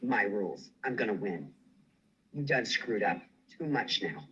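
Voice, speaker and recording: A man's voice: fairly low pitch, very animated, measured pace, pushed and bright, husky, muffled recording. A man furiously ranting on a livestream, swearing and making threats. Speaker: guest on a livestream. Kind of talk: angry livestream rant.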